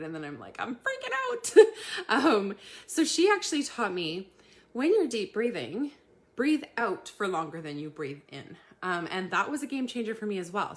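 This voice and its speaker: A woman hosting a casual live talk to her community, chatty, laughing often and filling pauses with ums. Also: medium pitch. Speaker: community host giving tips.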